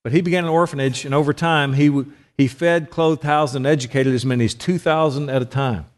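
A man's voice: fairly high pitch, steady tone, a little fast, long reverb tail. A middle-aged man giving a conversational sermon, often putting questions to his listeners. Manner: conversational, asks the audience questions. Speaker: preacher.

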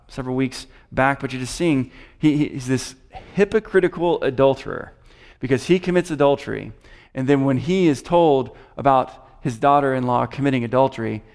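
A man's voice: medium pitch, darkish tone. A man teaching a Bible passage, reading scripture aloud and commenting on it with frequent restarts. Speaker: preacher.

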